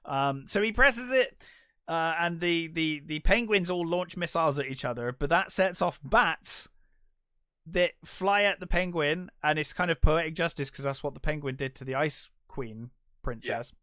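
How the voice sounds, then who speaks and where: Bright-voiced chatty man, dry close sound. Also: a little high, moderate pace, clear, resonant tone, no echo. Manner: chatty retelling of movie scenes, lots of ums. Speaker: podcast co-host. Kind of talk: casual film discussion.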